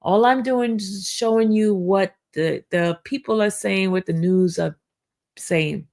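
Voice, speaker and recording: A woman with a gravelly, creaky voice talks to her viewers at an unhurried pace. She rambles casually, calls them y'all, and keeps clearing an itchy throat. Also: medium pitch, darkish tone. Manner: slow, meandering, addresses viewers as y'all. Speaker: online true-crime commentator. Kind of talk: casual live-stream chat.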